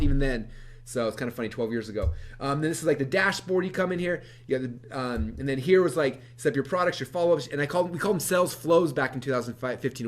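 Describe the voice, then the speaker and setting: A fast-talking man with a fairly high voice tells his story from a stage. He is animated, acts out his past self in quick quoted lines and laughs often. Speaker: speaker. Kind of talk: energetic stage talk.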